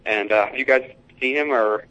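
Young male caller, halting and rambling, muffled lo-fi phone sound, mid pitch. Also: sharp tone. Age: young adult. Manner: rambling, halting football analysis. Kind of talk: casual call-in chat. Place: school hallway. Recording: dull lo-fi phone line.

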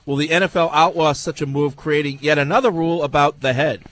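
A man's voice: fairly high pitch, fast talker, a bit bright, no echo. A man hosting a sports radio show, reading listener emails and teasing his co-hosts in casual banter.

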